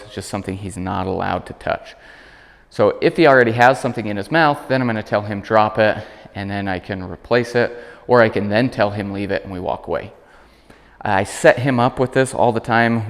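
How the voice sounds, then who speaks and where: A man working as a dog trainer, calmly explaining commands while demonstrating them with his dog. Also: creaky, in a large hall. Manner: calm explaining, high praise voice for dog. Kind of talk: instructional demonstration.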